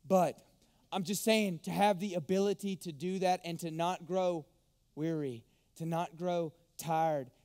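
A man, preaching a sermon as pastor, emphatic and animated, sometimes dropping to a hush. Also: a little high, unhurried. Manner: animated, emphatic, drops to hushed tones.

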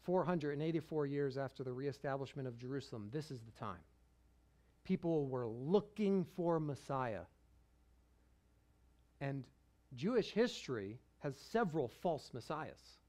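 A man's voice: mid-range voice, lively intonation, a little slow, mellow. A male pastor preaching a sermon in a conversational way, often chuckling.

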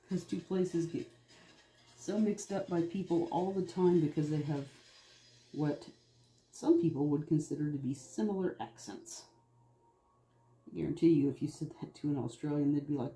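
A man's voice: on the high side, mellow. A man hosting an art video, chatting casually and rambling from one topic to the next. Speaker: art channel host. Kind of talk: casual chat while making art. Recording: roomy echo, faint music behind.

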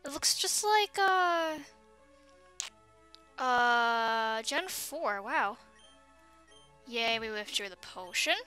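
A young woman hosting a game let's play, gushing excitedly and reading the game's text aloud as she plays. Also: a little high, drawn-out words, pauses often, clear, resonant tone, soft background music. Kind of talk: excited gameplay commentary with facecam.

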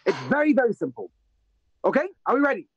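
A man's voice: very high voice, big pitch swings, fast, breathy edge, no room sound. A man with a Ghanaian accent hosting a quiz round on a talk show, playful and teasing as he reads out questions. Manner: playful, teasing, mixes in Twi. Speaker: quiz host. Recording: dull, dry lo-fi sound.

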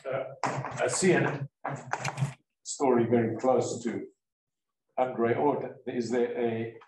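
A man in the audience asking the lecturer quick, probing questions at a seminar. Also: medium pitch, fairly even intonation, background noise. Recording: distant voice in echoey room.

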